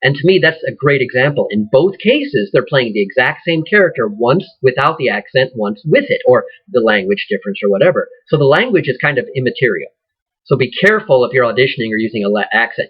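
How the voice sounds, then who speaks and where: His mid-range voice is slightly rough as he runs an acting class in a relaxed, conversational manner, reasoning aloud and restarting sentences often. The recording is dull and lo-fi.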